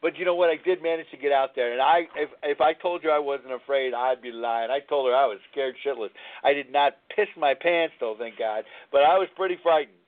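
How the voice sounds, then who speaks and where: A man's voice: medium pitch, fairly quick, few pauses. A man in his sixties hosting a live radio talk show, telling candid personal stories in a rambling way with frequent restarts. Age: 60s. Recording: tinny phone-line sound.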